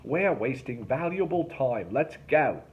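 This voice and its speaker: A haughty, sneering television survival star, played by a man reading a storybook aloud, his voice pitched well above the reader's own and pushed louder. The recording is slightly dull with a faint hiss underneath. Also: very animated, measured pace. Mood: impatient.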